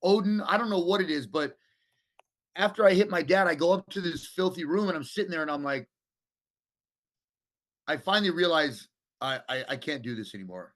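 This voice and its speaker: A man's voice: fairly high pitch, expressive, brisk, long pauses, fairly bright tone. A man speaking as a podcast guest, telling his story candidly in a blunt, profane way, with frequent restarts. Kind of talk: candid storytelling in a casual interview.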